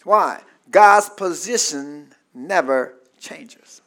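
A man preaching a sermon in call-and-response style, repeating lines and asking the congregation to say them back, swinging between soft asides and shouted climaxes. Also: fairly high pitch, animated, extremely slow. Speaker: pastor.

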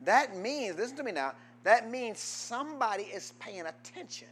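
A man pastor preaching a sermon, quizzing his congregation in call-and-response and swinging from loud exhortation to low asides. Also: lively intonation, normal speed, a little hiss or hum.

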